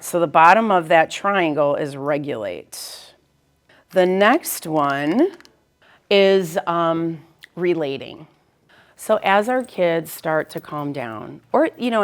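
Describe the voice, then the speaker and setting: A woman's voice: low-pitched, creaky. A middle-aged woman school counselor giving a practical, conversational talk to parents and often checking in with "right?".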